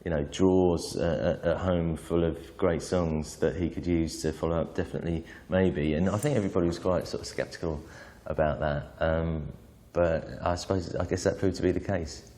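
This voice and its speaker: Brief: very low, mellow male commentator, long reverb around him. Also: steady tone. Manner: measured, hesitant with fillers. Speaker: interviewee. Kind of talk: reflective commentary.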